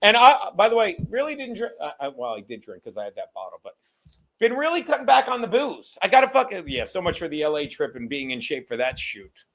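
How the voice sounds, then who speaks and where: A man's voice: sits high, wildly swooping pitch, fast, a bit bright. A man co-hosting a podcast in casual chat, profane, rambling and self-mocking. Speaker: podcast co-host.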